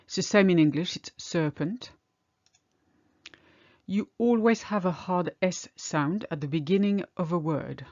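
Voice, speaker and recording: A native French woman teaching a pronunciation lesson, slowing down to say each example word clearly. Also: on the low side, a little mellow, no room sound, highs cut off. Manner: clear, deliberate, slows down on example words.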